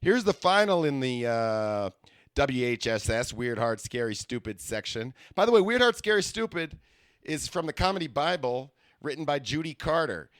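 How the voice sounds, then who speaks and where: A man's voice: medium pitch, big pitch swings, normal speed, dry recording, clean studio sound. A man who is a comedian hosting his own podcast, rambling through a comic monologue with lots of fillers and restarts. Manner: rambling, self-mocking, many fillers and restarts.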